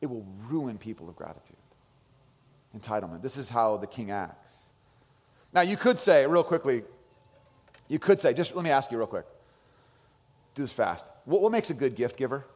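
A man in his thirties preaching a sermon, telling stories in an animated way and swinging from loud to quiet. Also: mid-range voice, normal speed, long pauses. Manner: animated storytelling, voices his son and swings from loud to soft. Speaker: pastor. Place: large church hall. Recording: long hall reverb.

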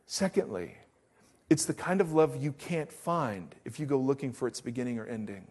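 A middle-aged man preaching a sermon as pastor, telling stories with acted-out quotes in an animated way. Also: medium pitch, normal speed, slightly rough.

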